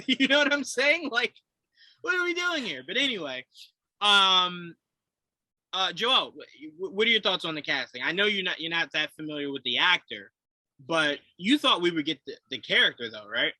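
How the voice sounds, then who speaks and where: A man co-hosting a casual movie chat, animated, swearing and acting out quotes with laughter. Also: high-pitched, moderate pace, no echo, low-quality recording. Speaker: podcast co-host.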